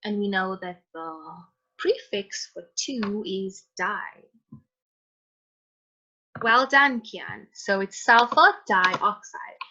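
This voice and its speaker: A woman's voice: mid-range voice, drawn-out words, pushed and bright. A woman teaching a chemistry class online, patiently calling on students by name. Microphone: computer mic on a video call. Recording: dull lo-fi online call audio.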